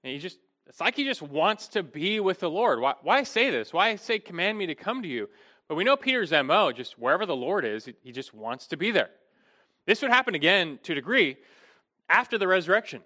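A man's voice: sits high, sing-song, brisk, sharp tone. A middle-aged man preaching an expository sermon, earnest and emphatic, often restarting his phrases.

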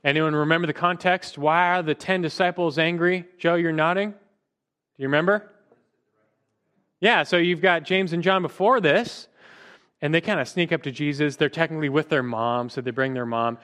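A man with a slightly high voice leads a Bible class. He speaks earnestly, stopping to put questions to the group and often repeating a word as he goes. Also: moderate pace, a bit bright, clean tone. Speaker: Bible teacher.

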